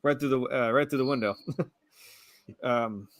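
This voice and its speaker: A man's voice: mid-range voice, unhurried, no room sound. Casual, swearing man in a dry room. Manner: laid-back, swears freely, laughs often. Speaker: podcast co-host. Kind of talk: casual movie review chat.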